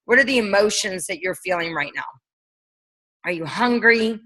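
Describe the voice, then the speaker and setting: A woman's voice: mid-range voice, expressive, moderate pace, pushed and bright, rough recording. A woman coaching her team on a leadership call, talking casually and energetically, firing off rhetorical questions. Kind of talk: motivational coaching talk.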